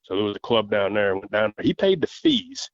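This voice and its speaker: A man, a podcast guest telling hunting stories in an unhurried, folksy way. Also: lowish voice, huge pitch swings, highs cut off. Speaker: guest, coonhound handler. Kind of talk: storytelling in casual interview.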